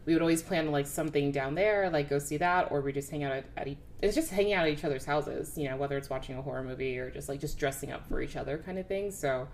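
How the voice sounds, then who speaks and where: A woman's voice: deep voice, fast, hardly any pauses, a little mellow, a little hiss or hum. A woman co-hosting a podcast, chatting in a laid-back, rambling way and laughing often. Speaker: podcast co-host. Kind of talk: casual chat.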